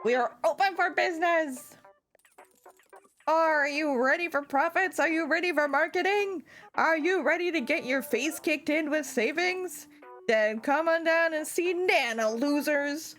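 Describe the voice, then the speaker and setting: A woman voicing a brash, pushy female shopkeeper yelling sales pitches. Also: a little slow, soft background music. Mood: hyped. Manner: loud, hard-selling pitchman delivery.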